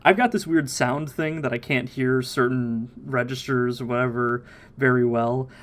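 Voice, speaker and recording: Animated male podcast host recapping. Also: medium pitch, moderate pace. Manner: animated, laughs often, mimics voices. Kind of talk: casual recap chat.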